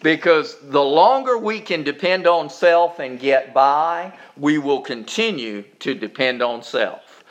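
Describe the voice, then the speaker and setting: A male pastor preaching a sermon, leading the congregation in call-and-response and climbing higher on emphasis. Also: expressive, slow pace.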